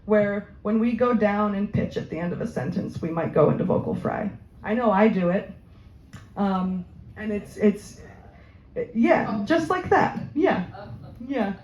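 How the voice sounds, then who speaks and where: A woman speaks slowly and chattily as she answers audience questions about voice care, often laughing and filling pauses with ums. Her voice echoes around a roomy space, the recording a little dull with faint ambient noise behind her. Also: medium pitch, a little mellow. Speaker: voice therapist giving a talk. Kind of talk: informal Q&A presentation. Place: community room at a senior living center.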